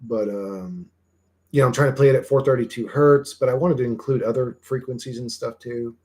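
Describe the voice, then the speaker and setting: A man's voice: mid-range voice, a little fast, a little mellow. Casting: male streamer, casual off-the-cuff chat, mid-range voice, loose and meandering, casual swearing. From Greek heritage. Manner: rambling, swears casually, trails off with fillers. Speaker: livestream host. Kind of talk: casual rambling livestream chat.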